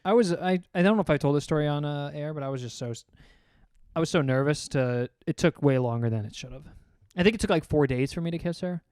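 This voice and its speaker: Animated young man on a podcast. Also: fairly high pitch, quick pace, clear, resonant tone, no room sound, clean studio sound. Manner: animated, laughs often, acts out quoted reactions. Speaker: podcast co-host. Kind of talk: casual chat.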